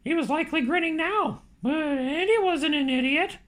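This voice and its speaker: A woman narrating an audiobook in a lively, expressive way. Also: high-pitched, moderate pace.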